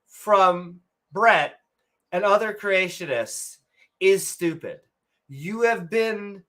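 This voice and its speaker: Blunt, sarcastic woman with a bright voice. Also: fairly low pitch. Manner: blunt, sarcastic, swears freely. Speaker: podcast co-host. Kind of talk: casual ranting chat.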